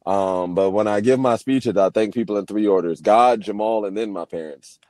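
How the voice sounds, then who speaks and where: Speaking at a moderate pace, the young man's lowish voice carries a darkish tone with no echo. He's a Paralympic swimmer guesting on a casual video call interview, candid and thoughtful, and he keeps restarting his sentences.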